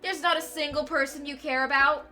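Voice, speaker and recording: A woman's voice: high voice, fairly even intonation, brisk, pushed and bright, soft background music, pitched above the performer's own voice. A woman voicing a vengeful male ex-convict from a game, taunting and sneering with mock sweetness that turns to snarling threats. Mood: gloating. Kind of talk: reading a game aloud with voices.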